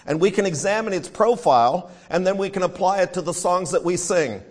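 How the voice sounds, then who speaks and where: An American man delivering a sermon in a voice a touch higher than most men's. He reads scripture and breaks into hymn lines as he teaches. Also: fairly quick, darkish tone. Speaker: preacher.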